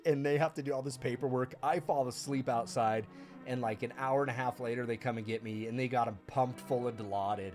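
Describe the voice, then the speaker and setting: Over faint video game music, a male streamer tells a long, rambling story in casual chat, laughing and filling his speech with fillers. His medium-pitched voice is steady and somewhat dark, and he speaks fast.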